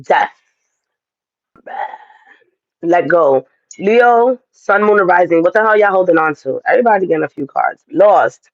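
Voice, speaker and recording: A man's voice: high-pitched, lively intonation, moderate pace, no echo, highs cut off. A man giving a casual astrology and tarot reading, talking straight to his viewers in a chatty, direct way.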